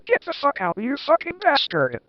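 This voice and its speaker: A man's voice: very high-pitched, huge pitch swings, moderate pace, dry recording, voice pushed up, heavily acted. A man voicing a melodramatic teenage goth girl heroine, overacted in a comic reading. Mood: shrill. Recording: dull, lo-fi dry recording.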